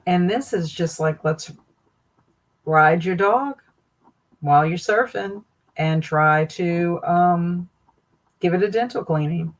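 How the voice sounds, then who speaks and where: A woman's voice: fairly low pitch, slow pace, pauses often, low-quality recording. A woman hosting a casual livestream, reacting with amused, laughing commentary. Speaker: livestream host.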